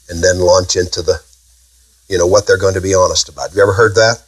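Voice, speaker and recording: A man's voice: deep voice, steady tone, fast, slightly rough, low-quality recording. A man preaching a sermon, emphatic and full of rhetorical questions to his congregation.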